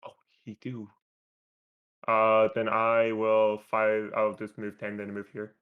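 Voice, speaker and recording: A man playing in an online tabletop game, talking in a relaxed, slangy way over voice chat. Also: on the low side, slow, phone-quality sound. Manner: relaxed, slangy, unsure of the tools. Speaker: player.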